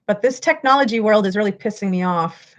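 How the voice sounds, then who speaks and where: A woman's voice: mid-range voice, a little fast. A woman hosting a livestream, ranting at her viewers in a frustrated, profane way. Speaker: livestream host.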